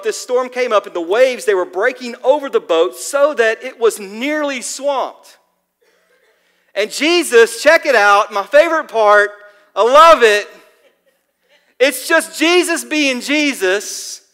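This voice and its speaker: A man preaching a sermon in a church hall, telling the story in a lively, casual way with plenty of fillers. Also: high-pitched. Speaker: pastor.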